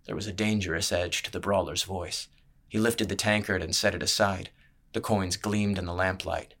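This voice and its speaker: A man narrating a scripted audiobook in a measured, steady storytelling manner. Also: sits low, gravelly.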